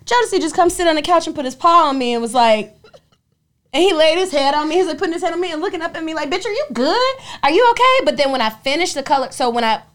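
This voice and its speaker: Young woman podcast cohost, highish voice, swears a lot, tells stories all animated. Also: racing. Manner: animated, profane storytelling. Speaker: podcast co-host. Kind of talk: casual chat.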